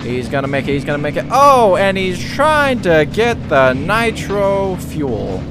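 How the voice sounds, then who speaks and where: A man putting on an excitable male race commentator's voice, calling the action in brisk play-by-play that keeps surging in speed. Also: high-pitched, over music, full character voice. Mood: hyped.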